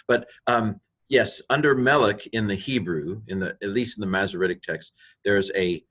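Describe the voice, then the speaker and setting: A man's voice: lowish voice, fairly bright tone. An older man giving a recorded Hebrew grammar lesson, rambling and joking at himself, with many fillers and restarts. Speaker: Bible and Hebrew teacher.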